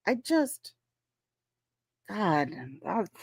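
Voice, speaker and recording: A woman in her fifties hosts a relaxed live chat, telling family stories with lively animation and frequent laughter. Her voice sits at an ordinary pitch, and the recording is close and dry, with almost no room sound. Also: drawn-out words, vocal fry, breathy edge, dry recording. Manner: laughs often, animated storytelling. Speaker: host. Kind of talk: casual chat reading live comments.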